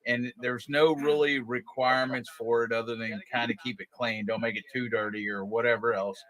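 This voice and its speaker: Bright-voiced man hosting a chat. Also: medium pitch, flat delivery, normal speed, rough recording. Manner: rambling, repeats phrases while explaining. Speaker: show host. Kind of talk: casual live-stream chat.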